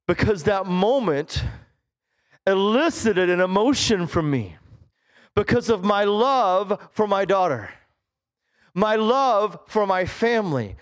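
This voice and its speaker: High-voiced pastor preaching animatedly. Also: male voice, clear, resonant tone. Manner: animated, shifts from low asides to shouted exclamations. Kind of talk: Pentecostal sermon. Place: church sanctuary.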